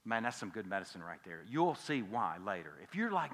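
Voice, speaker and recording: Bright-voiced preaching man in echoing hall. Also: on the low side, very animated, quick pace, hardly any pauses. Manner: emphatic preaching with wide swings from loud to hushed, repeating key phrases. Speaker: pastor. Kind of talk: sermon. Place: church sanctuary.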